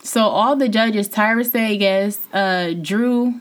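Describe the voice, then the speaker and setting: A young woman, a former reality show contestant, telling her story in a casual interview and jumping high in pitch when she gets indignant. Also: slow. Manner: animated, laughs, voice jumps high when indignant.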